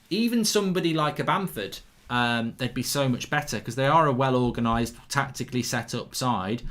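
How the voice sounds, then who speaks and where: This football watchalong host has a fairly high-pitched, fairly bright voice. As the live match unfolds, he calls the play, celebrates goals, and casually reads viewers' comments aloud.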